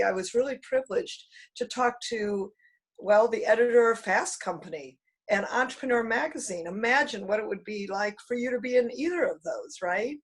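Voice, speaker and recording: Husky upbeat woman coaching on a video call. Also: fairly high pitch, poor audio. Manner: energetic, upbeat, coaching tone with filler words. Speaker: guest speaker on publicity. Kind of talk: online talk to a business group.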